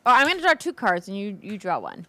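A woman's voice: mid-range voice, huge pitch swings, quick pace, fairly bright tone, no echo. A woman chatting casually and asking questions during a card game with friends. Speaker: player. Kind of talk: casual chat while playing a card game.

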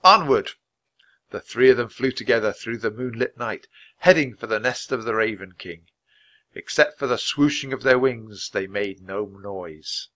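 Man storybook reader, bright and clear, measured pace. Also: lowish voice. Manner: clear, measured, expressive reading. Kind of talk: reading aloud a children's book.

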